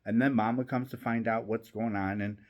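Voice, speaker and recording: A man's voice: fairly low pitch, steady tone, a little fast, darkish tone. A man hosting a knitting channel, chatting casually from home while he knits, rambling with many restarts.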